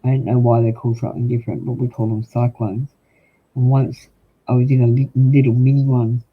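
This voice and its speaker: This tarot reader is an older Australian man who talks fairly quickly in a mid-range voice with little pitch movement. Chatty and rambling, he fills his talk with ums and speaks right to his livestream chat. The recording is tinny and husky, like a phone.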